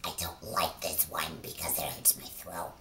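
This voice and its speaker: A deep growly gruff voice. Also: female voice, monotone, normal speed, pushed and bright, a little hiss or hum, exaggerated voice. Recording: roomy, from a distance.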